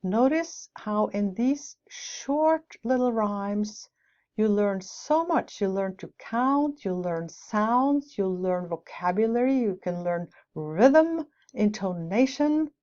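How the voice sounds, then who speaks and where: Woman, lecture, explanatory, mellow tone, dull lo-fi sound. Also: medium pitch. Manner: explanatory, with light asides. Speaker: teacher educator. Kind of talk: lecture on teaching English with rhymes. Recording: dull lo-fi recording.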